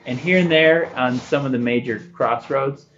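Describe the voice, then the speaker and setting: A man narrating as game master of a tabletop game, animated and full of fillers. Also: mid-range voice, normal speed. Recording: dull lo-fi recording, faint music.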